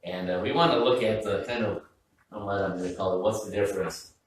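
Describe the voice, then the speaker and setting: A man's voice: deep voice, fast talker, heavy reverb, distant mic, slight background noise, low-quality recording. A man preaching a sermon as pastor in a casual, joking, conversational way, often stopping and restarting his sentences. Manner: conversational, joking, self-interrupting. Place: church sanctuary.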